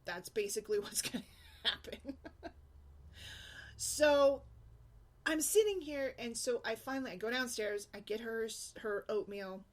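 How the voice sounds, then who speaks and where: A woman talking in a casual vlog, venting bluntly and emphatically about her daughter's attitude. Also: medium pitch. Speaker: single mom blogger.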